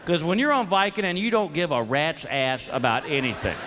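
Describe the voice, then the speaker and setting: A middle-aged man doing stand-up comedy, an animated, self-mocking storyteller on stage before a live audience. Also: on the high side, brisk, long reverb tail. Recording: live show with crowd laughter and noise.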